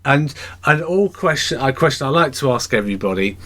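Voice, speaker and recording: A man's voice: mid-range voice, expressive, a little fast, bright, forceful tone. A man hosting a podcast interview, chatting casually and telling rambling stories with many restarts. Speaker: podcast host.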